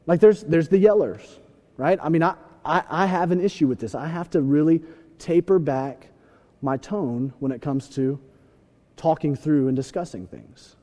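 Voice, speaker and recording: High-voiced preacher man in a reverberant hall. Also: normal speed. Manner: animated storytelling, acts out scenes with shouts. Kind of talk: sermon.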